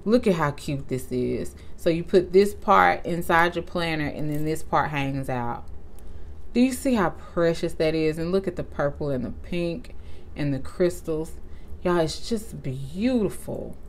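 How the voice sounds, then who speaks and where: Brief: young woman, vlog host, gushing and emotional, slightly low voice. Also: expressive, measured pace, slight background noise. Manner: effusive, gushing, often near tears. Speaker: channel host. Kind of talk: casual vlog chat.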